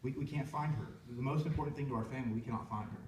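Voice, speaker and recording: Racing along in a medium-pitched voice, a young worship leader tells a heartfelt, rambling story from his own life, repeatedly starting over. Light hiss or hum colors the far-off, reverberant sanctuary recording.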